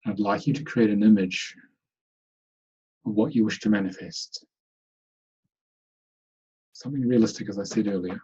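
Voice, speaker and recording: A man leading a guided meditation in an online webinar, giving slow, soothing instructions. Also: lowish voice, darkish tone, slightly rough, dull audio. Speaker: meditation teacher.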